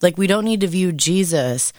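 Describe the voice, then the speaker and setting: A podcast co-host in a casual faith discussion who explains things thoughtfully and at length, with quick asides. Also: medium pitch, animated, a little mellow, no room sound, studio quality.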